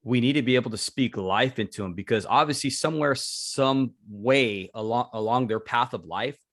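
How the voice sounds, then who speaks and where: A man's voice: mid-range voice, moderate pace, fairly bright tone, no room sound, clean studio sound. A man hosting a podcast, affirming and reflective as he responds to his guest. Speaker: podcast host. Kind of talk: podcast interview.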